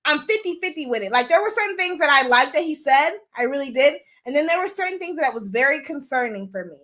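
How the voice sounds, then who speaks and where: High bright-voiced woman giving blunt opinions. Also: quick pace. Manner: blunt, animated, swears freely, laughs often. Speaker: show host. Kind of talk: casual opinion commentary.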